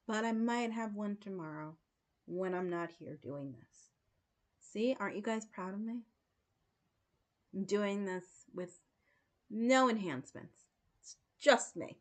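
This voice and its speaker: Speaking unhurriedly in a fairly low voice and pausing often, an American woman in her late forties hosts a livestream. She chats with viewers through anecdotes, frequently laughing and leaning on fillers.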